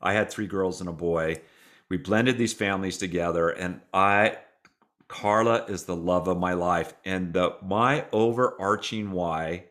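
This middle-aged man speaks as an interview guest in an earnest, heartfelt way. His voice sits a little low, and he talks through his story with sincere conviction. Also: measured pace, fairly bright tone. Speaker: guest author. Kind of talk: interview conversation.

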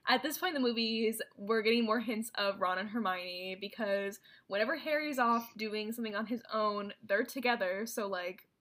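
Woman, bright clear tone, casual chat, rambling recap, filler-heavy. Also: mid-range voice, normal speed, hardly any pauses. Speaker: co-host presenting a movie recap.

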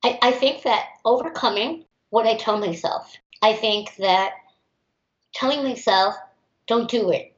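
An emphatic young woman from the United States, a teacher, answering interview questions in a fairly high voice. She talks with conviction and speaks up plainly. The recording is roomy and a little muffled. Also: measured pace. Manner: outspoken and emphatic, acts out others' voices. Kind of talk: interview answers, personal storytelling. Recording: roomy, slightly dull recording.

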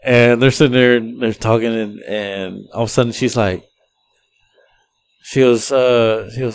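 A man's voice: mid-range voice, fairly even intonation, normal speed, clean tone. A man hosting a podcast, telling a story casually and profanely, acting out the people he quotes. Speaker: podcast host.

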